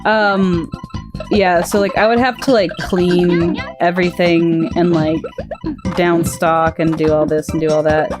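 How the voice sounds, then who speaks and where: A woman's voice: on the low side, steady tone, unhurried. A young woman streaming a game and chatting casually, rambling through stories with lots of "like" fillers and frequent laughter. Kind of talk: casual chat while gaming. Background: game music.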